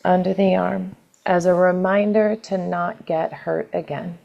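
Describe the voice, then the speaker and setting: A woman leading a guided EFT tapping session, calling out tapping points in a slow, gentle, repetitive way. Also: fairly low pitch, level tone, vocal fry, highs cut off.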